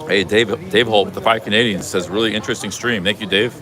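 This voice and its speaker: A man's voice: fairly low pitch, steady tone, fast talker, a crowd in the background. A man live-streaming a travel vlog from a busy city street outdoors, chatting in a rambling way with many restarts. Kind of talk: casual walking live stream.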